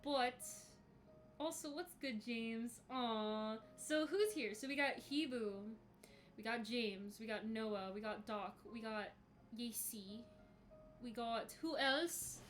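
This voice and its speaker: A woman's voice: a little high, slow pace, faint music behind. A young woman in her twenties hosting a casual livestream from home, chatty and swearing freely as she greets chatters by name. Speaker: podcast host live-streaming to chat.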